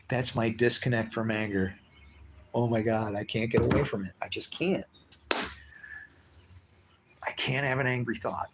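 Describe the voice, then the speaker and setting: Gravelly man rambling on a live stream. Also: medium pitch, steady tone, a little slow, long pauses, noisy background. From United States. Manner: rambling, profane, laughs between thoughts. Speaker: livestream host.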